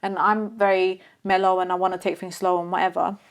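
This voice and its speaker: A woman's voice: fairly low pitch, level tone, fairly quick. A woman chatting as an interview guest, talkative and self-deprecating, easily breaking into laughter. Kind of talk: casual conversation.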